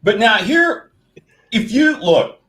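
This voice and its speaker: A man's voice: high voice, slow pace. Rambling man hosting. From Kentucky, USA. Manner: rambling, animated storyteller. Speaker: host. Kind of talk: casual livestream chat.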